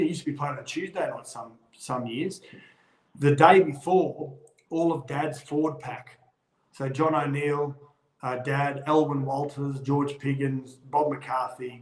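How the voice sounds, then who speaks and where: Here's a middle-aged Australian ex-rugby league player telling stories in an easygoing chat, his voice at medium pitch. He's a lively yarn-spinner, putting on the voices of those he quotes. The audio is poor and the room is echoey.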